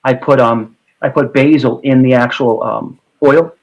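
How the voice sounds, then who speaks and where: New york guy rambling about stuff, keeps saying bro, repeats himself a lot, mid pitch. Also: steady tone, unhurried, muffled recording. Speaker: host. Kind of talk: casual chat.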